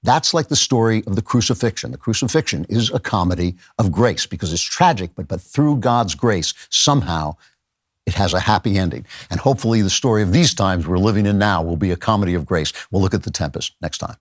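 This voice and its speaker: A man's voice: sits low, animated, brisk, no room sound, studio quality. A middle-aged man hosting a podcast, giving an earnest, emphatic lecture-style commentary. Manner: earnest, emphatic, dramatic readings of quotes. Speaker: podcast host.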